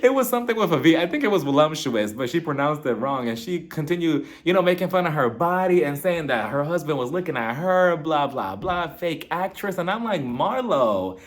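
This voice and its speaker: Male reviewer, slightly high voice, very lively delivery, acts out the quotes. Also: brisk, few pauses. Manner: animated, acts out quotes, laughs often. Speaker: TV recap reviewer. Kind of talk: casual episode review.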